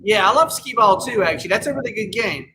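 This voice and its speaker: A man's voice: high voice, lively intonation, fast talker, pushed and bright, poor audio. A man hosting a casual chat show, telling wry stories and acting out quoted back-and-forth. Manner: storytelling, wry, acts out quoted dialogue. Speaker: podcast host.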